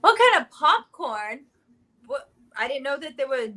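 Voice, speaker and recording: Chatty high-voiced woman livestream host. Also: very animated, normal speed, bright, forceful tone. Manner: chatty, rambling, many fillers. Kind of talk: casual live chat.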